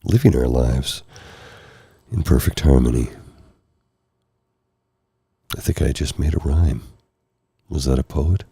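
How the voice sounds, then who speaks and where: A tired, hoarse man hosting a soft-spoken ASMR live stream, rambling gently and apologizing often. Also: a bass voice, slow pace, long pauses, dry recording. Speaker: ASMR host. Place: candlelit room at home. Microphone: close mic for ear-to-ear speaking.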